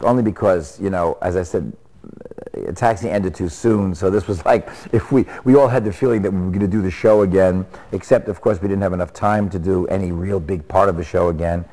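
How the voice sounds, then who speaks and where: A man, a sitcom actor, reminiscing in an interview, halting and full of fillers. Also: deep voice, a little mellow.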